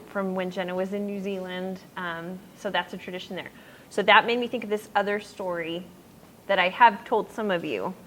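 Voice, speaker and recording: A woman's voice: lowish voice, fairly bright tone, slight background noise, poor audio. A young adult woman giving a casual youth sermon, chatty and full of fillers and tangents. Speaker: youth speaker. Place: youth group room.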